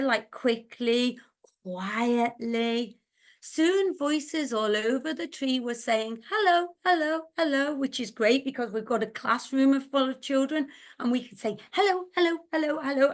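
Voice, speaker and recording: A woman leads an online workshop for teachers over a video call. She sits a little high in pitch and talks at an unhurried pace. She tells a children's story playfully, moving between loud, busy, quick and whispered voices. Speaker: teacher trainer.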